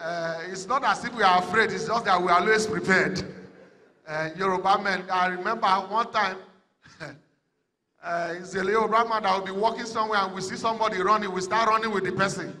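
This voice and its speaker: A Nigerian man performs stand-up comedy, his high, very bright voice ringing through a big event hall with a long echo. He tells his stories in an animated way, putting on other people's voices and breaking into shouts. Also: moderate pace, a little hiss or hum. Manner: animated storytelling, acting out characters with shouts. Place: large indoor event hall.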